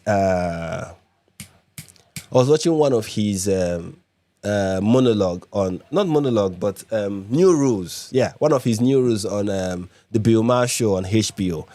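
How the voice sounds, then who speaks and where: A man's voice: fairly low pitch, animated, moderate pace, mellow, dry recording. A man from Nigeria hosting a live reaction stream, repeating his points with emphasis and many fillers. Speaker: livestream host.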